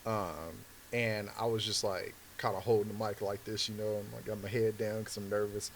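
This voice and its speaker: Comedian guy on a podcast, low voice, says like and bro a lot, chill studio chat. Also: flat delivery, normal speed, slight background noise. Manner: loose slangy talk full of "like" and "bro". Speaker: comedian guest. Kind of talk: casual podcast storytelling.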